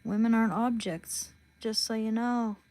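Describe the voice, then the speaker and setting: A woman's voice: on the high side, steady tone, moderate pace, mellow. A woman hosting a livestream, chatting casually and bluntly with her viewers. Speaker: livestream host.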